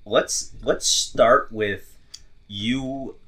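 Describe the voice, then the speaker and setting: A young man hosting a podcast, chatty and quick to laugh. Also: medium pitch, steady tone, a bit bright. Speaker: podcast host. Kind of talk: casual chat.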